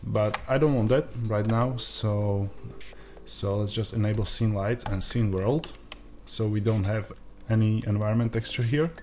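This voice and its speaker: A man with an Eastern European accent giving a screen-recorded software tutorial, pausing often with uh and um. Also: fairly low pitch, a little hiss or hum. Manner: hesitant, frequent uh and um fillers.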